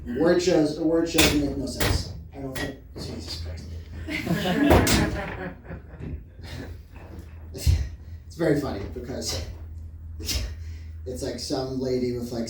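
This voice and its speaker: A man's voice: medium pitch, slow, long pauses, noisy background. A man doing a stand-up comedy set, rambling through mock-pompous impressions and laughing at his own jokes. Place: small comedy venue before a live audience. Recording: echoey room from far off, crowd audible.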